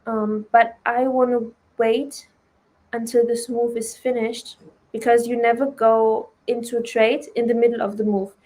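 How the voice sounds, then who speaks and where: A woman's voice: on the high side, flat delivery, measured pace, a little mellow. A woman with a German accent, a non-native speaker of English, chatting loosely as she teaches trading on a live stream, with many fillers and "right?" tags.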